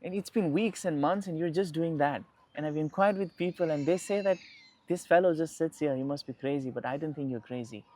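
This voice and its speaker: A man's voice: a little high, a little fast, darkish tone, pitched above the performer's own voice, close to an everyday voice. A man voicing an eager, ambitious young man in a spoken story, asking pressing questions.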